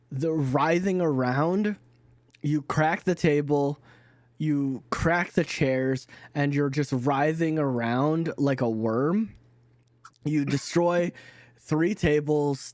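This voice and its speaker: A man narrating a tabletop role-playing session, his voice sitting a little high and his delivery unhurried. He breaks into laughter often and restarts sentences as he goes, recorded close and dry with no room sound. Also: darkish tone, no room sound. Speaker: dungeon master.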